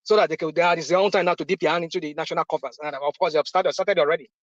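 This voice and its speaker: Nigerian guy in his 50s, high pitched, worked up and blunt, dry muffled lo-fi audio. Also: steady tone, racing, no echo. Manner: impassioned, repetitive, blunt. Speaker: discussion panelist. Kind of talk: heated live audio chat. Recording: dull lo-fi audio.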